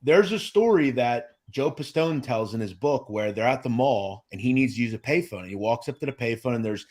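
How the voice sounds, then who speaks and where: A man's voice: mid-range voice, lively intonation, brisk, a little mellow. A man talking frankly and casually in an online chat, retelling stories and admitting his mistakes. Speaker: guest.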